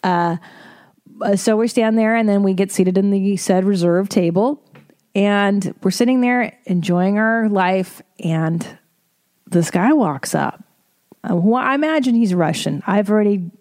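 A woman's voice: mid-range voice, measured pace, a little mellow, no echo, studio quality. A woman hosting a podcast, telling a casual story with wry, profane asides. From Eastern Bloc. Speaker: podcast host.

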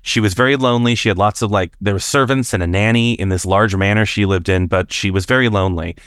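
A man calling in to tell a personal story in a casual, halting way, jumping higher when he acts out quoted voices. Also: smooth, no echo, studio quality. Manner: animated, jumps up in pitch to act out quoted voices; halting, with restarts and fillers. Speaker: caller sharing a personal experience.

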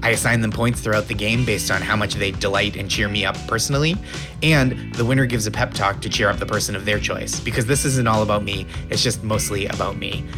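A man's voice: fairly low pitch, fairly even intonation, fairly quick, music in the background. Playful man hosting a game show. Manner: playful, self-mocking, laughs often. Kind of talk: casual chat.

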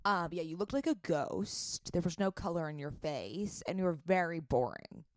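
Teasing woman, low voice, dry sound. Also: lively intonation, moderate pace, no room sound. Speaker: podcast co-host. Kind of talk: casual chat.

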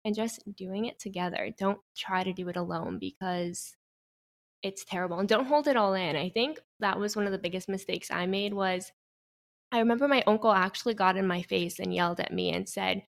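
A woman's voice: mid-range voice, a little fast, vocal fry. Earnest young woman telling her story. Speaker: guest. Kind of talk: personal interview conversation.

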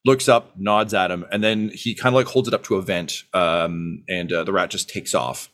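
A man narrating as game master, halting, with many fillers. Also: sits low, fairly even intonation, fairly bright tone.

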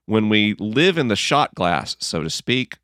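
A man being interviewed about his book, telling stories in an earnest, gently humorous way and acting out his own inner dialogue. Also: lowish voice, big pitch swings, measured pace, clean tone, no room sound, studio quality. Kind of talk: reflective conversational storytelling.

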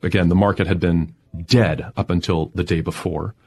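A tech entrepreneur with a low-pitched voice tells his story in an interview at a normal speed, full of excited energy and frequent laughter.

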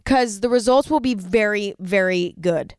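A woman's voice: medium pitch, moderate pace, darkish tone, clean tone, dry recording, studio quality. A young adult woman hosting her own podcast, talking casually and earnestly with lots of fillers and self-mocking asides. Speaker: podcast host. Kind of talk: casual advice podcast monologue.

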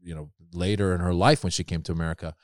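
Animated man telling stories. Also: deep voice, quick pace, no echo, studio quality. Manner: animated storyteller, acts out quotes in raised voices. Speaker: comedian guest. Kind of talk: casual interview chat.

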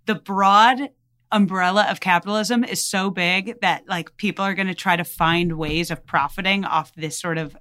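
A woman's voice: fairly low pitch, steady tone, moderate pace, fairly bright tone. A woman guest on a podcast, making a careful, cautionary point with many "like" fillers. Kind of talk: casual conversational chat.

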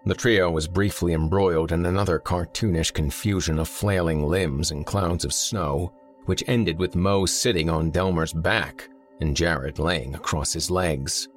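A man reading a horror story aloud in steady, measured scripted narration. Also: low-pitched, faint music behind. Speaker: audiobook narrator.

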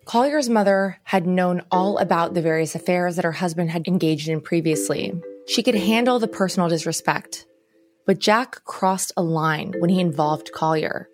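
Low-voiced woman narrating true crime. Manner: measured, dramatic storytelling. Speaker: podcast co-host. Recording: clear music bed underneath.

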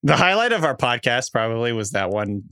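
Bright, lively male podcast co-host. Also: mid-range voice, smooth, dry recording, clean studio sound. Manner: laughs easily, quick reactions. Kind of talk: casual chat.

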